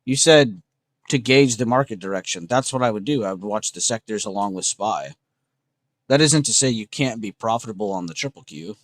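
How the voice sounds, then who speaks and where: A man's voice: on the low side, fairly quick, no echo. A young man hosting a trading livestream, chatting casually and slangily with his viewers. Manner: relaxed, slangy, talks to chat with "bro" and "dude".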